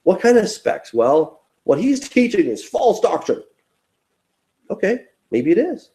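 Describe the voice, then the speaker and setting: A man's voice: high voice, big pitch swings, a little slow, warm tone, rough recording. A man teaching a conversational Bible study, earnest and self-deprecating, acting out inner dialogue in quoted voices.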